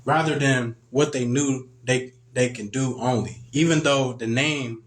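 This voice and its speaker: Male preacher, medium pitch, relaxed conversational teaching, roomy sound. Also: measured pace. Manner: acts out quoted voices in a higher pitch, conversational. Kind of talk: casual spoken teaching.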